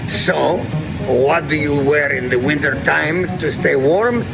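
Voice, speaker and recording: An older Greek dad, Greek accent, boastful, bright and slow, film score behind. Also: male voice, on the high side, vocal fry, music in the background. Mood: triumphant. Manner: broken English, boastful lecturing. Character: proud older Greek immigrant father, boastful.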